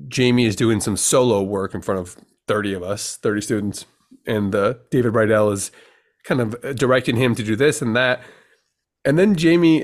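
A male podcast host chatting in an easygoing, rambling way. He jumps between thoughts, restarts his sentences, and gets animated as he tells a story. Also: medium pitch. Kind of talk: casual chat.

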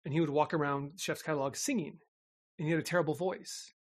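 A man telling a story in casual chat, animated and laughing often. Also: fairly high pitch, quick pace.

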